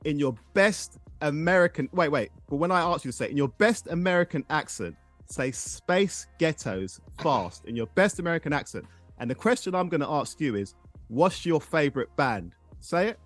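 Lively, playful podcast host. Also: male voice, a little high, normal speed, soft background music. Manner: playful, animated, laughs often. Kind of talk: casual chat.

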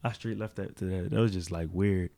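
Low-voiced man telling a rambling story. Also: steady tone, a little fast, gravelly, mellow. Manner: rambling storyteller, heavy on fillers and slang. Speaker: podcast co-host. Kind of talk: casual chat.

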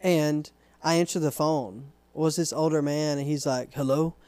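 A man's voice: a little high, normal speed, smooth, no echo. A young man, casually telling a story on a podcast and acting out the people in it with a raised voice. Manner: animated, acts out quotes in a raised voice. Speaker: podcast co-host.

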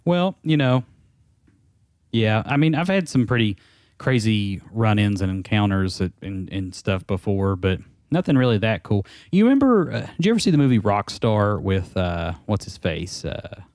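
Low-voiced easygoing man, dry sound. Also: sing-song, moderate pace, darkish tone, no echo. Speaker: podcast co-host. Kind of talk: casual chat.

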